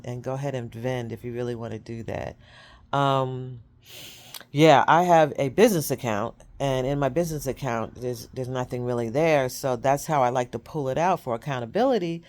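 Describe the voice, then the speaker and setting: A woman's voice: rumbling low, moderate pace, darkish tone. Rambling chatty woman author. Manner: rambling, repeats herself, chatty and candid. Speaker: self-published author vlogging. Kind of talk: casual chat to camera.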